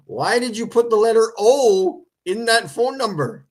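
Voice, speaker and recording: A man's voice: sits high, expressive, slow pace, a little mellow. Rambling jokey livestream man. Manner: rambling, jokey, laughs at his own points. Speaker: livestream host. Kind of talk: casual livestream chat.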